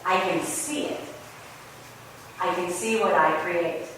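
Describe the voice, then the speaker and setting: A woman's voice: on the low side, slow pace, fairly bright tone. A woman giving an informal, chatty sermon, laughing often and acting out the stories she tells. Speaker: spiritual speaker. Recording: echoey room, mic at a distance, noisy.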